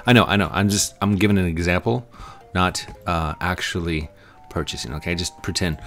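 Deep-voiced man playing a game. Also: steady tone, fairly quick, fairly bright tone, faint music behind. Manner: playful, acts out little scenes and sound effects. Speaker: gaming YouTuber. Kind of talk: casual gameplay commentary.

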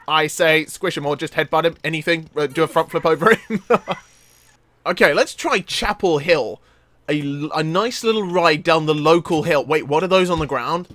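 A man doing let's play commentary, excitable, yelping and laughing at the action on screen. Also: a little high, normal speed. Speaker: gaming commentator.

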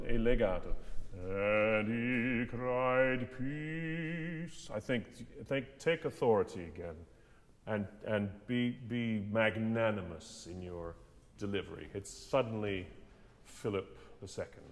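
A man's voice: fairly low pitch, moderate pace. Man coaching singers in a reverberant theatre. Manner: animated, demonstrates lines by half-singing them. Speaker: vocal coach leading a masterclass. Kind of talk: masterclass coaching. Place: theatre stage. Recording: long hall reverb.

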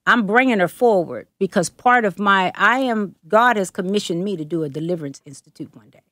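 A woman's voice: mid-range voice, lively intonation, fairly quick, pushed and bright, no echo. A woman from the Bay Area with a Southern Atlanta twang, a prophetess guest speaking emphatically and preacherly, repeating her phrases. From Oakland and Berkeley, California. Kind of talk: casual interview talk.

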